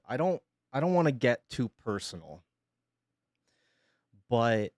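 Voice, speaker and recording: A male streamer, sick with pneumonia, making an emotional announcement in a halting, hesitant way and holding back tears. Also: mid-range voice, smooth, dry recording, studio quality.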